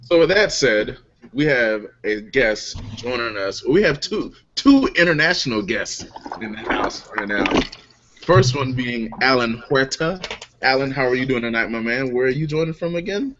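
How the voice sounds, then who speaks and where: Laughing often, a man keeps things loose and jokey while introducing guests on his casual online beer chat podcast. His mid-range voice moves at normal speed, with slight background noise in the lo-fi call audio.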